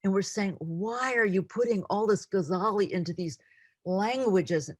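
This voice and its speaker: A woman's voice: mid-range voice, measured pace, breathy edge, no echo, clean studio sound. A middle-aged woman teaching an online class in an earnest, emotional way, often repeating words. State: near tears.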